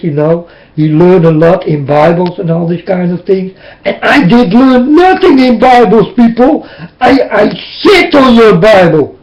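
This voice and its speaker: A native Dutch-speaking man preaches emotionally and tearfully into his webcam, repeating himself, his high-pitched, darkish voice unhurried with lively intonation. The webcam mic yields dull, lo-fi audio.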